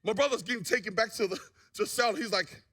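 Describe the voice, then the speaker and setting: Testimony speaker: man, very high and bright voice, lively storyteller. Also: quick pace. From New Zealand. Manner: animated storyteller who acts out what people said. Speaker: guest speaker giving a testimony.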